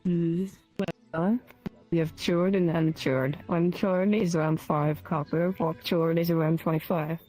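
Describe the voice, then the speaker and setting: Mellow low-voiced woman selling food in a role-play. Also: fairly even intonation, soft background music. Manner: unsure, slow, hedging. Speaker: shopkeeper character selling food. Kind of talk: in-character role-play chat.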